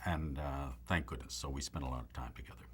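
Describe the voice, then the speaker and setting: An older comic actor reminiscing in an interview with a dry, joking delivery. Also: male voice, extremely low pitch, fast talker, slight background noise. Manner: dry, joking, deadpan asides. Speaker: comedic actor recalling a film.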